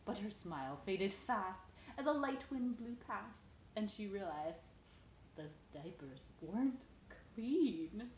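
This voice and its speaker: A woman's voice: medium pitch, animated, slow, darkish tone, roomy sound, slight background noise, rough recording. A woman reading a children's picture book aloud at home, sing-song and playful, talking to a toddler between pages.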